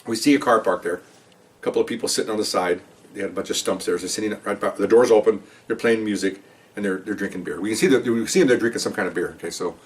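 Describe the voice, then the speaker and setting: Speaking fast in a fairly low voice, far from the mic, an older retired police officer spins stories in a casual monologue. He keeps asking "okay?" and performs the dialogue he quotes.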